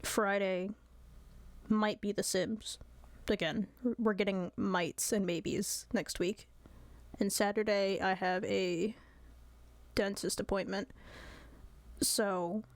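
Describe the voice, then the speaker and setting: A woman's voice: medium pitch, steady tone, takes it slowly, pauses often. A woman streamer chatting casually with her viewers, giggly and apologetic.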